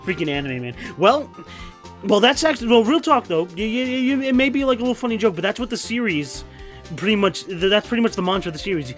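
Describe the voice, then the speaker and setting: Goofy, lively game streamer guy. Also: high-pitched, quick pace, faint music behind. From New York. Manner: goofy, joking, laughs a lot. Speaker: let's play streamer. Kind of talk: casual gameplay commentary.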